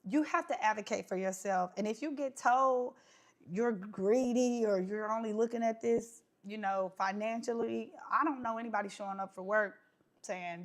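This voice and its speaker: A woman's voice: medium pitch, moderate pace. A woman hosting a casual live chat, outspoken and conversational. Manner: outspoken, conversational with filler words. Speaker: host of a live stream.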